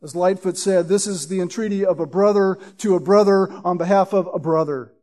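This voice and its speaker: High-voiced man teaching scripture. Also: darkish tone. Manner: measured, explanatory, quotes scripture with emphasis. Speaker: preacher. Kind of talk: expository Bible teaching.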